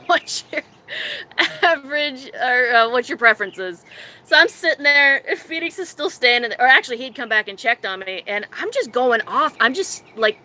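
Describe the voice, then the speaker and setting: A young woman streamer telling a story casually and with animation, often giggling and acting out her own quotes in a silly high voice. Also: bright, forceful tone. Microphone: phone.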